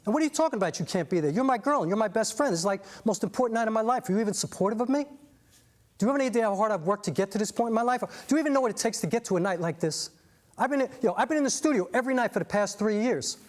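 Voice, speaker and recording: A man playing a hot-headed young male rapper, loud and indignant. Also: high-pitched, animated, racing, voice pushed up. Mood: defensive. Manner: loud, indignant, profane outbursts. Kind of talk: spoken-word one-man drama.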